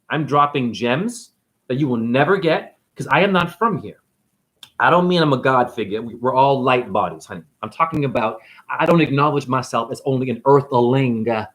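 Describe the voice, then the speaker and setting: A man vlogging a rambling, profane spiritual rant, preaching with big swings in pitch. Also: a bit bright.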